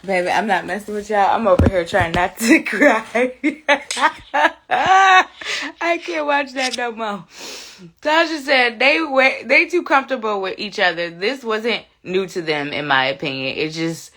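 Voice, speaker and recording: A woman's voice: mid-range voice, lively intonation, measured pace, sharp tone. A woman hosting a live stream, reacting to a clip and reading viewer comments aloud, laughing often and talking in a casual style.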